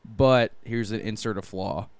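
A young man co-hosting a podcast, excitable and swearing as he teases his co-host. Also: on the low side, unhurried. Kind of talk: casual chat.

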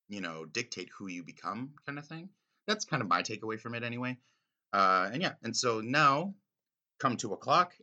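Casual commentator: man with a bright, lowish voice, loose and filler-heavy, eager. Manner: rambling, filler-heavy, enthusiastic. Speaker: reader discussing a classic story.

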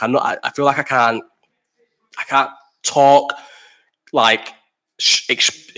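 A man's voice: mid-range voice, fairly bright tone. A young man with a Bolton accent hosting a casual live stream chat, blunt, sweary and opinionated, jumping from topic to topic. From Bolton, England.

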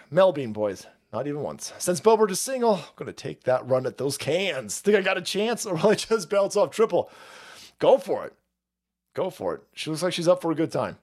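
A man hosts a livestream with a fairly high voice that swings up and down a lot. He rants in a foul-mouthed, mocking way and laughs often. He thanks people in the chat one after another. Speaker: livestream host reading chat. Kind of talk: casual ranting chat.

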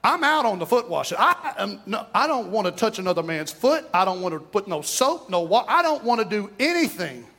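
A man's voice: high-pitched, big pitch swings, fairly quick, few pauses, sharp tone, full character voice. A man playing his younger self as a squeamish country boy in an exaggerated drawl. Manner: exaggerated hick drawl with bad grammar.

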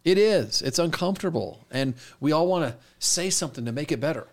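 A man who is a pastor, telling a story in a casual podcast chat and acting out quoted lines with lively energy. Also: fairly high pitch, fairly quick.

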